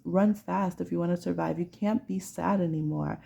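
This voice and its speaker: Giggly tarot reader woman, gravelly and mellow. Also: fairly low pitch, a little fast. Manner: chatty, giggly, acts out little voices. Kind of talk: pick-a-card tarot reading.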